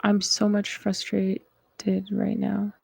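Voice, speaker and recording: Woman, live stream host, casual rambling chat, slow, gravelly, dry sound. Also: mid-range voice, completely flat delivery, a little mellow, dry recording. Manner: frustrated, rambling, many fillers.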